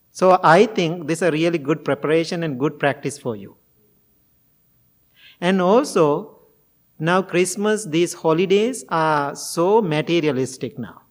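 Man giving a sermon-ish talk, slow and gentle, a bit high-pitched, simple broken english. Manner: simple, non-fluent English, gentle moral storytelling.

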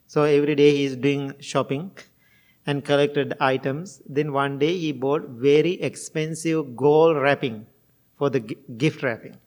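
Brief: male teacher, slow, unhurried delivery, slightly high voice, plain non-fluent English, storytelling sermon. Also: steady tone, a little mellow.

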